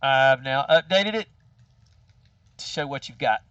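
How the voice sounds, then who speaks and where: A man narrating as game master of a tabletop game, relaxed and full of fillers. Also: medium pitch, measured pace, smooth, no room sound, distant mic, muffled recording.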